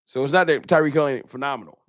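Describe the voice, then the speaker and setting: A man hosting a casual live-stream fan talk show, animated and slangy, often repeating his words. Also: medium pitch, quick pace, dry recording, clean studio sound.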